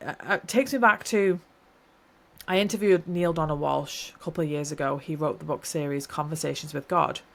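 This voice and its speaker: A woman with a slightly low voice talks through her thoughts on a solo podcast. She rambles warmly and encourages the listener, restarting sentences as she goes. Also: a little fast, creaky. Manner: rambling, encouraging, self-correcting. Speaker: podcast host. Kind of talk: reflective solo podcast talk.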